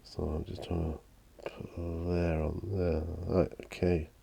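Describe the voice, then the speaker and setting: A middle-aged man chatting casually while painting miniatures, soft-spoken and rambling with many fillers. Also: deep voice, flat delivery, takes it slowly, creaky, husky. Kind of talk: relaxed paint-along chat.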